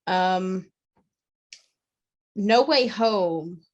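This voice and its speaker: A woman's voice: mid-range voice, drawn-out words, dull audio. A woman hosting a podcast, chatting casually with playful, teasing interjections. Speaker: podcast host. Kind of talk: casual chat.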